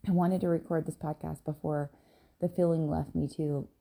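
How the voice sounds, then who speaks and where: Woman, low voice, gravelly fry, very dark mellow tone, candid rambling podcast talk, tired, lots of ums. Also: fairly even intonation, normal speed. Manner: candid, rambling, many ums and "right?" tags. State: tired, yawning early in the morning. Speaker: podcast host and business coach. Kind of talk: casual solo podcast monologue.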